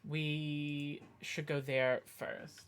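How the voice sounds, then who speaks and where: An excitable streamer talks over their gameplay in a loose, rambling way. Thoughts tumble out and restart mid-sentence. The voice sits at an ordinary middle pitch. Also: extremely slow, clear, resonant tone. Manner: rambling, excitable, self-interrupting. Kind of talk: casual let's-play commentary.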